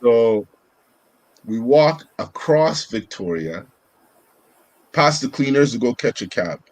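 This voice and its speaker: A man co-hosting a casual podcast, telling a story step by step in relaxed slang. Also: medium pitch, takes it slowly, dry recording. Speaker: podcast co-host.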